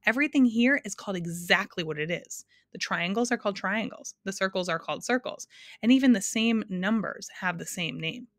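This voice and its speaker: A woman's voice: medium pitch, expressive, fairly quick, fairly bright tone, no room sound, studio quality. A woman voicing a fussy male math creature with twelve faces, precise and lecturing in a storybook reading.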